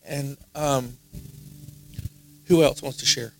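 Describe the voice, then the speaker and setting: A man's voice: mid-range voice, fairly even intonation, slow pace, gravelly, darkish tone, soft background music. A man pastor at a midweek church service, preaching in a conversational way at an uneven pace. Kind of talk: sermon-style sharing at a midweek service.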